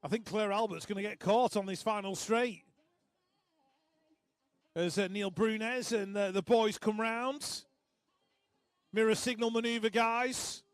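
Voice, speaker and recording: A man's voice: high-pitched, unhurried, long pauses, no echo. A man giving live race commentary, chatty and joking between calls.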